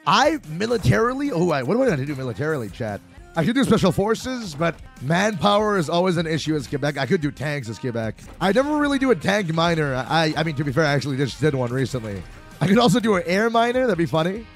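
A young man giving casual, excitable gameplay commentary, swearing and talking to his chat. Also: on the high side, fast talker, faint music behind. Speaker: streamer playing a strategy game.

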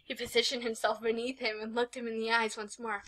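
A woman's voice: a little high, level tone, a little fast, fairly bright tone, rough recording. A young woman reading a fanfic aloud as a host, giggling often and breaking off with swearing exclamations. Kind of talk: casual comic read-along.

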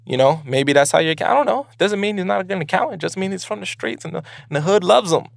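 A man from Brooklyn hosts his show with loose, slangy energy, bouncing through advice in a playful, animated way. His voice sits a little high for a man and has a gravelly fry running through it. The sound is close and dry, with no room around him. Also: fast, no room sound. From Brooklyn, New York. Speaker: podcast host. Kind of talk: casual advice talk.

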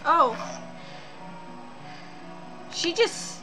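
A woman's voice: extremely high pitch, big pitch swings, extremely slow. A woman streamer reacting to a horror game, jumpy and exclaiming, talking to herself as she plays. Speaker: gaming streamer. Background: game music.

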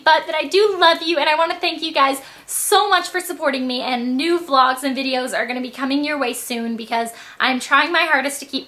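A teenage girl chatting to her viewers in a bubbly, rambling vlog, her voice a bit hoarse. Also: sits high, pushed and bright. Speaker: vlogger. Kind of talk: casual chat to camera.

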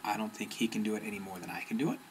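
Middle-aged male speaker, low-pitched, casual and meandering, slight background hiss. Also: rapid-fire, low-quality recording. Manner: rambling, self-interrupting, with fillers and restarts. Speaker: personal development speaker. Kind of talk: casual storytelling monologue. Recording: faint background noise.

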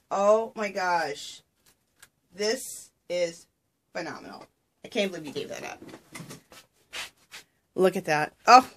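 A woman's voice: mid-range voice, breathy edge. A woman vlogging to her camera at home as she opens a package of craft gifts, gushing with breathless exclamations of delight. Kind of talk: excited unboxing chat to camera. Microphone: camera she sets up herself.

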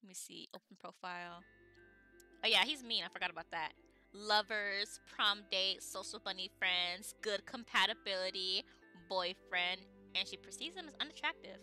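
Excitable woman narrating her gameplay. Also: mid-range voice, moderate pace, soft background music. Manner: excitable, gushing. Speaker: let's play host. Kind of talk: casual gameplay commentary.

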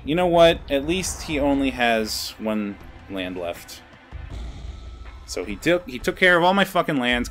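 A man's voice: fairly high pitch, expressive, unhurried, fairly bright tone. Frustrated young man ranting over gameplay. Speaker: gameplay video creator. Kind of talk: live card-game commentary. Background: faint background music.

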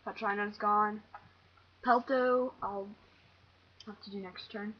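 A young woman doing let's play commentary, jumpy and excitable, talking to herself, shaky and teary. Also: mid-range voice, slow pace. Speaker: gamer. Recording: dull lo-fi home recording with faint hiss.

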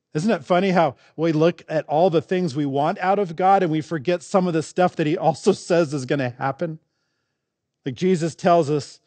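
Earnest pastor with a higher voice. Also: male voice, a little mellow, dry recording. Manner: earnest, asks many rhetorical questions. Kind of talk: sermon.

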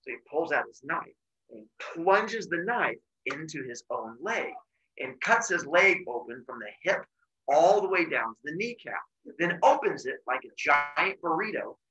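A man teaching a class by retelling a myth in an animated, jokey way with deadpan asides. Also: high-pitched, background noise. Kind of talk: comic myth storytelling to a class.

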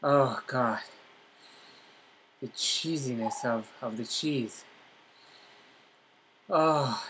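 A man eating on camera in a casual vlog, excited about his food, talking with his mouth full between lots of appreciative mm sounds. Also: medium pitch, a little hiss or hum. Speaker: vlogger.

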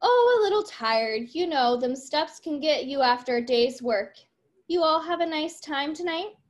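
Caring mom talking to her grown kids, read by a woman, highish and soft. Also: expressive, a little slow. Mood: gentle. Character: gentle caring mother of a grown family.

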